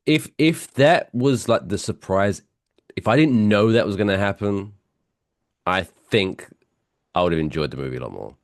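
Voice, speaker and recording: A man co-hosting a casual podcast in a low, gravelly voice that swings widely in pitch. He is blunt and quick with dry jokes. The sound is close and dry. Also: lively intonation, dry recording. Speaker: podcast co-host. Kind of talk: casual chat.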